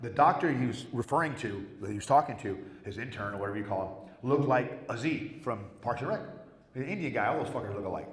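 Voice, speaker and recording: A man's voice: medium pitch, expressive, fast talker. A middle-aged man telling rambling, profane stories at a convention panel, acting out the other people's lines. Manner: profane, rambling, acts out dialogue. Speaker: panel guest. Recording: echoey convention hall.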